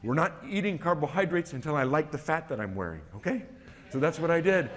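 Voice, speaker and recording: A man's voice: on the high side, fast. A man speaking at a conference, telling his own story and acting out the dialogue with his wife and doctors. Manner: animated storyteller, acts out dialogue. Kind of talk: personal story talk.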